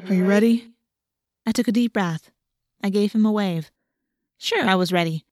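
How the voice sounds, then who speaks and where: A woman narrating a story in the first person with expressive, lively storytelling, recorded on a close studio mic. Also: medium pitch, moderate pace, no echo. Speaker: audiobook narrator.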